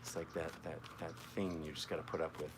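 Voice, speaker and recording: A man's voice: a bass voice, little pitch movement, fast talker, noisy background. A man hosting a live-streamed tarot reading, chatting playfully and joking with his viewers as he works through the cards.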